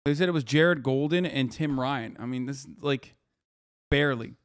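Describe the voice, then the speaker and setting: A man's voice: mid-range voice, smooth, dry recording, studio quality. Blunt, profane man streaming commentary. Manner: blunt, profane, mocking, talks fast in bursts. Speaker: political streamer.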